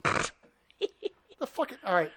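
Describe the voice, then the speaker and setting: A man's voice: slow, bright, forceful tone. A man co-hosting a podcast, ranting and swearing constantly as he laughs through a video clip. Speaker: podcast co-host. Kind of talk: profane casual banter.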